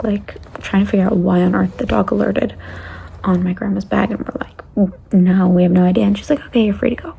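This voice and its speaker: A young woman recounting a travel mishap in a casual storytime. Her voice is gravelly and husky with a mellow, dark tone. She rambles and often sinks into a breathy near-whisper. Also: mid-range voice, steady tone, a little fast. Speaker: travel vlogger.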